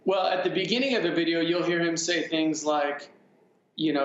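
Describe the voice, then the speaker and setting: Measured male attorney, somewhat higher voice, on an echoey lo-fi link. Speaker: attorney guest. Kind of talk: interview answers.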